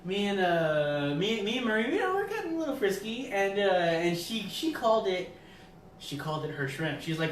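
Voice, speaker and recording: A man co-hosting a casual podcast, telling crude stories with a lively, swooping delivery. He sounds set back from the mic in an echoey room, with faint noise underneath. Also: high-pitched, moderate pace, recorded from a distance, crowd noise. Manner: animated, crude storyteller. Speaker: podcast co-host. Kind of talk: casual chat.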